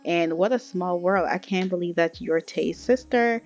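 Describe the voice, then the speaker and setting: A woman's voice: on the low side, moderate pace, darkish tone, highs cut off, natural voice. A woman voicing a young pregnant woman who is homesick, shy and self-conscious, in a casual chatty way. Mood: grateful.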